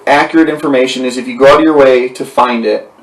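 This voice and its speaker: A man's voice: medium pitch, steady tone, fast talker. Man chatting in a roomy, distant recording. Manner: rambling, full of fillers and restarts. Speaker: podcast host. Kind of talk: casual conversation.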